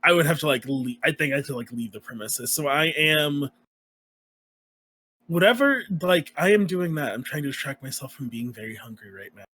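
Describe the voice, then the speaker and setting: Husky dude rambling thru his turn in a tabletop game, kinda high voice. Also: animated, moderate pace, pushed and bright, no room sound. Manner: rambling, many fillers and restarts. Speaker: player. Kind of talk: casual in-character play.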